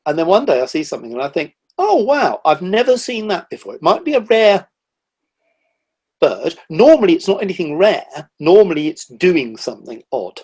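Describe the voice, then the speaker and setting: A middle-aged man, a guest on a podcast, telling animated stories about the wildlife he sees, with lively quoted asides. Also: a little high, normal speed, breathy edge. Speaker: guest, nature writer. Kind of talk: casual conversational interview.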